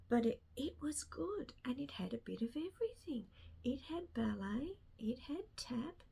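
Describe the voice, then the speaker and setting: Woman, casual vlog reviewer, enthusiastic and meandering, with some vocal fry. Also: a little high, a little mellow. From not American. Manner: chatty, rambling, enthusiastic, with frequent restarts. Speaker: film review vlogger.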